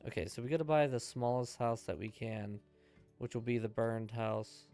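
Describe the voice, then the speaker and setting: A man's voice: mid-range voice, normal speed, darkish tone, faint music behind. A man streaming himself playing a game, chatting casually and rambling in answer to his chat. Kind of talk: casual gameplay commentary.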